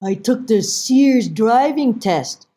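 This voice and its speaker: A woman voicing her elderly immigrant mother, who speaks in slow, clipped, halting English and keeps a matter-of-fact tone. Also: fairly high pitch, expressive, warm tone, pitched above the performer's own voice.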